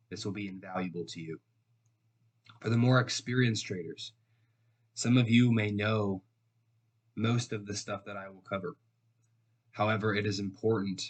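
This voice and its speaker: Earnest trading educator, man, deep voice, congested and nasal from illness, steady serious delivery. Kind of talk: direct-to-camera trading lesson.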